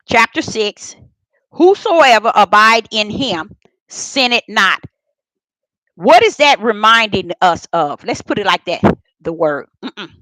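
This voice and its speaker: A woman preaching in a live-streamed Bible study. She talks to the live chat, repeats words for emphasis, and swings from shouts to soft murmurs. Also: medium pitch, dry recording, low-quality recording.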